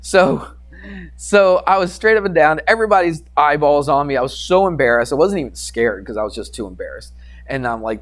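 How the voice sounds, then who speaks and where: Man, math teacher, classroom lecture, animated storytelling, does little voices and sound effects. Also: a little high, a little fast.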